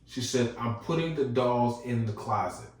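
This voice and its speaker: A man hosting a podcast, telling a ghost story in a casual, animated way and chuckling as he goes. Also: mid-range voice, moderate pace. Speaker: podcast host. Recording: echoey room, distant mic.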